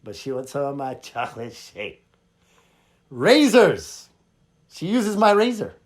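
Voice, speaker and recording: A man hosting a podcast, telling a funny story in a casual, animated way and acting out both sides of a conversation. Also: medium pitch, a little slow. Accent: Hawaiian. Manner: animated, jumps between loud and quiet, acts out dialogue. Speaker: podcast host.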